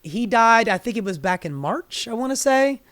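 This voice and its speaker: A woman hosting her own political commentary show, delivering a profane, heated rant that swings between low muttering and loud outbursts. Her voice is getting strained. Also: expressive, normal speed, dry recording.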